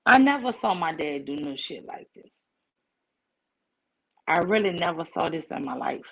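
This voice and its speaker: A woman livestream host telling a personal story to her chat in a casual, animated way, acting out the voices in it. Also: sits low, creaky, slightly rough, rough recording. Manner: animated, acts out quoted voices.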